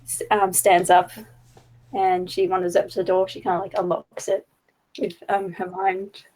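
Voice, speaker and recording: A woman's voice: fairly low pitch, little pitch movement, normal speed, darkish tone. A woman playing a tabletop game who describes what her character does, stopping often on ums. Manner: hesitant, with many ums. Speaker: player.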